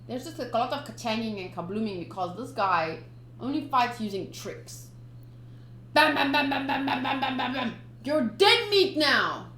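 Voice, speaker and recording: A woman's voice: on the high side, normal speed, a bit bright, reverberant, a little hiss or hum. A woman giving playful, chatty commentary in a casual manga readthrough, adding her own sound effects. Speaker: manga reader, channel host.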